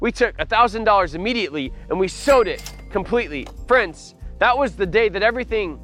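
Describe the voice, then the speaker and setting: A man preaching a personal testimony, telling the story with animated energy and frequent restarts. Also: sits high, a little fast, soft background music. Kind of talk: testimony sermon.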